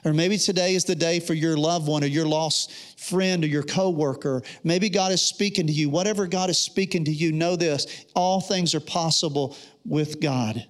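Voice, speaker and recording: A man's voice: a little high, normal speed, hardly any pauses. A man preaching a sermon, telling a personal story in an earnest way and acting out the dialogue. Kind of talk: sermon testimony.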